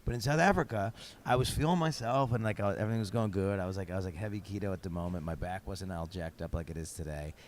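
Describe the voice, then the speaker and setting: A man hosting a casual podcast chat, telling stories quickly with lots of restarts and acted-out quotes. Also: low voice, a little hiss or hum. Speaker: podcast host. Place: convention event.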